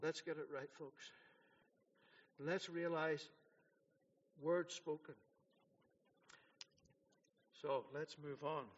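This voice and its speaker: A man in his sixties preaching an earnest sermon as pastor, swinging between loud urging and hushed, quiet passages. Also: on the high side, fairly even intonation, drawn-out words, pauses often, slight background noise. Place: church hall. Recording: dull sound in a large hall.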